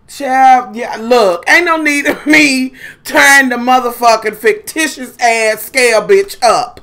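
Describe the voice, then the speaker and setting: A woman's voice: fairly high pitch, slow pace, few pauses. A woman vlogger, talking casually and dramatically to viewers, full of cursing. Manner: profane, dramatic, animated storytelling.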